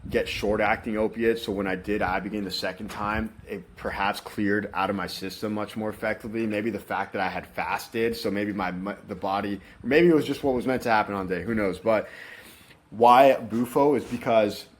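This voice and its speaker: A man's voice: on the low side, normal speed, a little hiss or hum. A man telling his story as an interview guest, frank and rambling, swearing freely as he goes.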